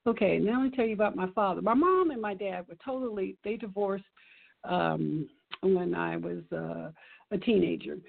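A woman's voice: medium pitch, normal speed, creaky. A middle-aged woman telling an emotional personal story as a radio guest, earnest and laughing often. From California. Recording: tinny phone line.

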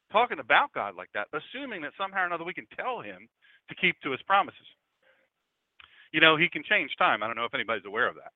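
A man's voice: on the high side, sing-song, fast, no room sound. Middle-aged man, pastor, chatty radio sermon full of joking asides, dry and tinny phone-like sound. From Delaware, USA.

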